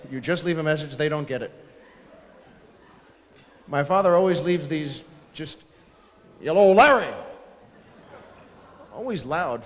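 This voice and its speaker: Brief: male stand-up comic, lively and high-ish delivery, acts out family bits, long ballroom reverb. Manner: animated, acting out family members in quick asides. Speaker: stand-up comedian. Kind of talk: stand-up routine. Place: large ballroom stage at a live fundraiser.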